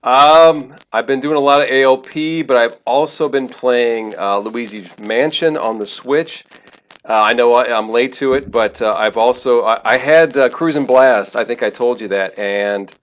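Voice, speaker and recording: Relaxed, hesitant podcast guest. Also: male voice, mid-range voice, measured pace. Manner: relaxed, hesitant, many fillers. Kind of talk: casual podcast chat. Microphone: headset.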